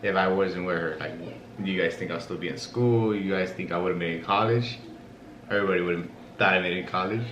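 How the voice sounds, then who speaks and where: A man's voice: sits low, quick pace, highs cut off. A young man chatting casually in a laid-back, hesitant way as a vlogger. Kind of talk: casual chat. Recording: echoey room, faint hiss.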